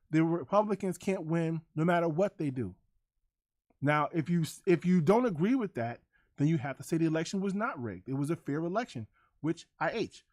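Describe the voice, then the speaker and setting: A man's voice: a little high, dry recording, clean studio sound. A man hosting a livestream, ranting to his chat in a combative, profane, repetitive way. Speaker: livestream host.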